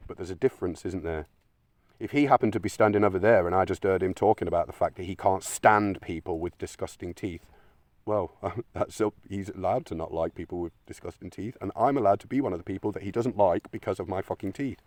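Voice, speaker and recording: In a dry recording, a man with a low, slightly mellow voice rants briskly. The video essayist's monologue is opinionated, sweary and combative, and now and then he mocks imaginary critics with goofy voices.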